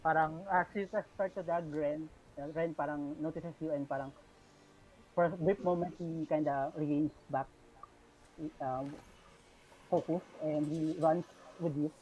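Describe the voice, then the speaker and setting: A man's voice: on the high side, steady tone, a little slow, a little mellow, dull audio. A man with a Filipino accent narrating a tabletop game as game master, with many fillers, switching between English and Tagalog.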